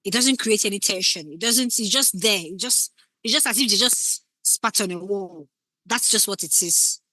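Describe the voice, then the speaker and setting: A woman's voice: mid-range voice, moderate pace, sharp tone, no room sound. A woman teaching scriptwriting in a casual lecture, acting out short example lines as she explains. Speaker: scriptwriting instructor.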